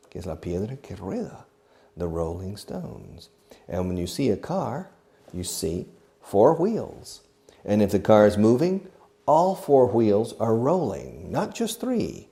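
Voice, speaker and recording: Gravelly, slow-talking male English teacher. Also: fairly low pitch, warm tone. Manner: acts out each verb while explaining, mixes in Spanish glosses. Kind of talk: slow demonstrative language lesson.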